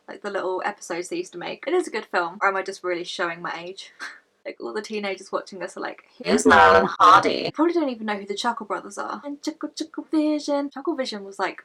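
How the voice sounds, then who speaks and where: A woman's voice: medium pitch, sharp tone. A young Scottish woman vlogging from home, chatting casually with swearing and self-mocking laughs. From Scotland. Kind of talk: casual chat to camera. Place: at home during lockdown.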